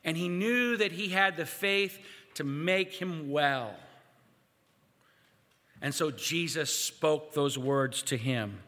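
A man preaching a sermon, speaking in measured phrases with pauses and rhetorical questions to his congregation. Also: fairly high pitch, pushed and bright. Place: church sanctuary. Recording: echoey church hall with long reverb.

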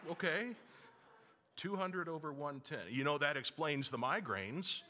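A man preaching a sermon as pastor, lively and wryly self-mocking, with humorous asides. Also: mid-range voice, big-room sound.

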